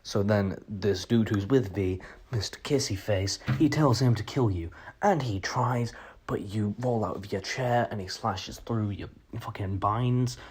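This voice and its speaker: A man's voice: lowish voice, a little slow, darkish tone, breathy edge. A young man casually recapping a video game, joking and swearing as he rambles along. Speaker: gaming YouTuber.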